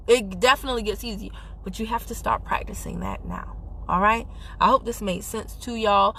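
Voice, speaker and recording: A network marketing team leader gives an emphatic, sassy motivational talk on a live stream, speaking into her phone while driving her car. Her voice is medium-pitched with a sharp tone.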